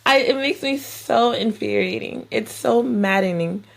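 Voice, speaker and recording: A woman's voice: a little high, gravelly. A young woman co-hosting a podcast, venting in a casual, exasperated way and drawing out words for emphasis. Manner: ranting, exasperated, drawn-out emphasis. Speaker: podcast co-host. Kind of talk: casual chat.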